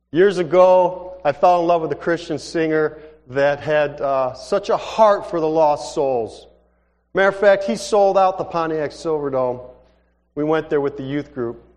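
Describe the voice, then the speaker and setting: A man's voice: fairly high pitch, unhurried, long pauses. A male pastor telling stories in a conversational sermon, acting out the dialogue as he goes. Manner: animated, conversational, acts out dialogue. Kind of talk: sermon storytelling. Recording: reverberant hall.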